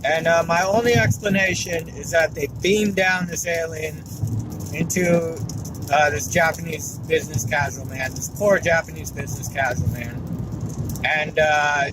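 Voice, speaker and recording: A man performs a stand-up set from behind the wheel, telling his stories in a wry, conversational way. His voice sits a little high. Loud car and road noise runs under everything he says. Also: steady tone, measured pace. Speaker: stand-up comedian. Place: car, while driving. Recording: noisy car interior.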